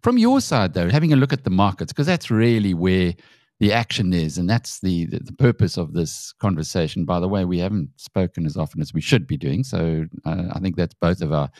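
A man's voice: low voice, fairly quick, darkish tone, no echo, studio quality. A man with a South African accent hosting an interview, asking long, winding, friendly questions. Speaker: interview host. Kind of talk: conversational interview.

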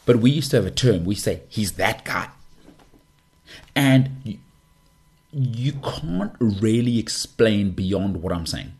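A man's voice: fairly low pitch, lively intonation, slow, pauses often, a little mellow, slightly rough. A man, a podcast host rambling through a casual monologue full of jokey asides. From South Africa.

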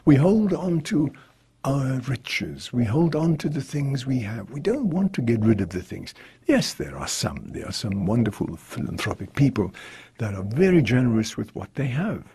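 A priest reading scripture and then giving an earnest, reflective homily. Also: male voice, mid-range voice, sing-song, moderate pace, warm tone.

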